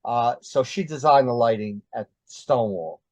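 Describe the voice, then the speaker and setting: An older man tells his story in a loose, meandering way and keeps pausing on ums and uhs. The sound is dry and a little dull, with no room tone. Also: medium pitch, a little mellow, no echo. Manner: rambling, many ums and uhs. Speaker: interview guest. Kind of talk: casual storytelling.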